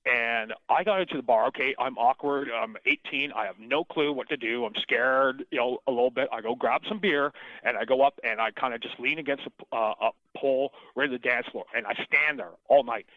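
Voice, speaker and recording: A middle-aged man, a singer, talks through his past in a loose, rambling interview, cursing casually and restarting his sentences. His voice sits at an ordinary pitch for a man. The sound is thin and boxy like a phone call, with no room echo at all. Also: animated, brisk, hardly any pauses. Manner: rambling, profane, restarts often. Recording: tinny phone-line sound, dry.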